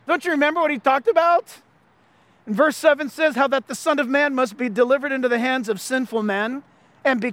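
High-voiced man preaching emphatically. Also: dry recording. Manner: emphatic, animated preaching with many repeated phrases. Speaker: pastor. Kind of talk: Easter sermon.

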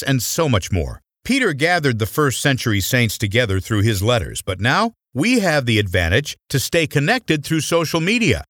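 A man reading a scripted radio announcement in a smooth, promotional delivery. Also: mid-range voice, a bit bright, no echo, clean studio sound.

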